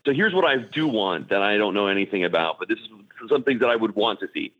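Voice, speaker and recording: A man's voice: lowish voice, lively intonation, quick pace. A man calling in to a podcast, chatting casually and rambling with lots of fillers. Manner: rambling, filler-heavy, enthusiastic. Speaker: caller. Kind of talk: casual phone-in chat. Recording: muffled phone-in line.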